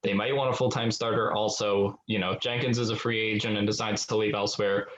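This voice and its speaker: Low-voiced man chatting on a sports podcast. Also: flat delivery, fast talker, a little hiss or hum. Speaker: podcast co-host. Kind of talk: casual sports podcast chat.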